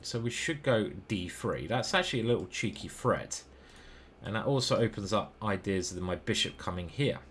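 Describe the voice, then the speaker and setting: A man's voice: on the low side, animated, normal speed, a bit bright, slight background noise. A man with an English accent commenting casually over his own chess games, rambling, self-deprecating and swearing now and then.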